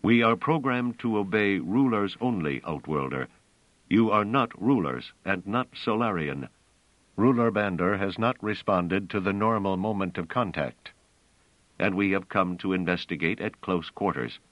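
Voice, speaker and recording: A man's voice: low voice, animated, unhurried, no echo. A man voicing a tall guardian robot that speaks in a cold, incisive, formal way. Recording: dull lo-fi dry recording.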